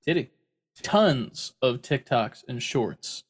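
A man co-hosting a gaming podcast, animated and slipping into silly accents. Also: medium pitch, slow, breathy edge. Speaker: podcast co-host. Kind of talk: casual chat.

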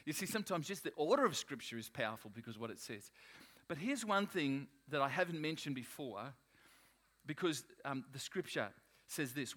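A male pastor preaching a sermon in an animated, emphatic way, often restarting his sentences. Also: mid-range voice.

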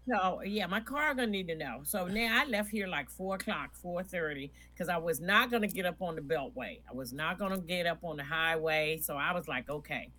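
Bright-voiced middle-aged woman chatting. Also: lowish voice, animated, brisk, few pauses. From Washington, D.C. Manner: chatty, rambling storyteller. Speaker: guest. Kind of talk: casual chat.

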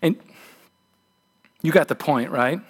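A man's voice: on the high side, slow pace, breathy edge. A man, a pastor, preaching a conversational, emphatic sermon, often restarting his words.

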